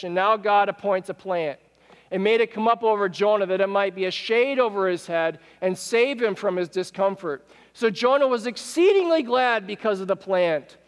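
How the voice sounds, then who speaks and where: A man preaching a sermon as pastor. He talks in an animated way, acts out quoted speech and puts questions to the congregation in a church sanctuary. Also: high voice, long reverb tail.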